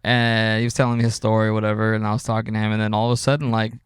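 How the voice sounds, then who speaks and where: A man's voice: fairly low pitch, little pitch movement, rapid-fire, smooth, dry recording, clean studio sound. A young man co-hosting a casual podcast, telling a story loosely with swearing and frequent laughter. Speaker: podcast co-host. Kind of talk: casual chat.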